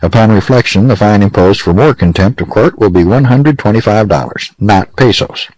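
A man's voice: fairly low pitch, normal speed, darkish tone, dry recording, natural voice, low-quality recording. A man voicing a pompous, blustering old frontier judge.

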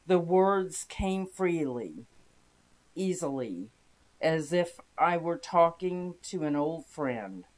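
Slow, measured storybook narrator. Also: mid-range voice, animated. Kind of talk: scripted narration of first-person inspirational stories.

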